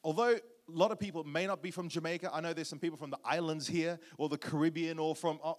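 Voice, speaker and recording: A man preaching a sermon, warm storytelling with jokes and questions to the congregation. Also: a little high, fairly even intonation, quick pace, few pauses. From Australia. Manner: humorous, audience-engaging storytelling. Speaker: guest preacher.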